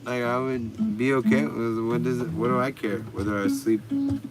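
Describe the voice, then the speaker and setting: A man's voice: medium pitch, flat delivery, moderate pace, over loud music. A man hosting a casual livestream, profane and mocking as he answers chat, stoned and tired. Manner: profane, mocking, shouts at chatters. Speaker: livestream host.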